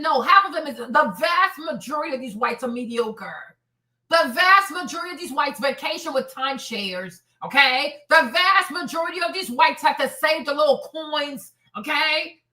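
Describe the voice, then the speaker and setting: A woman's voice: high-pitched, pushed and bright, reverberant. A woman hosting a live stream, ranting in a heated, profane, repetitive way. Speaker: streamer host.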